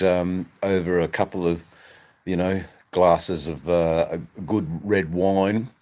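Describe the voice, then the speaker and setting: An Australian man hosting a casual livestream, rambling and swearing as he chats to viewers. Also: sits low. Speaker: livestream host.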